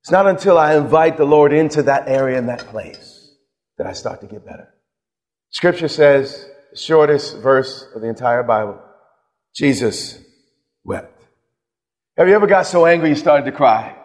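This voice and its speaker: A middle-aged man preaching a sermon with passion, moving from loud outbursts to hushed, slow moments. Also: on the high side, lively intonation. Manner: impassioned, swings from loud to hushed. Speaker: pastor. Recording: long reverb of a large hall.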